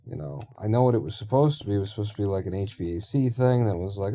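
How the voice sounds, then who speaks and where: A man's voice: on the low side, quick pace, few pauses, mellow, a little hiss or hum. A man streaming a building game, rambling and thinking aloud in casual talk with offhand swearing.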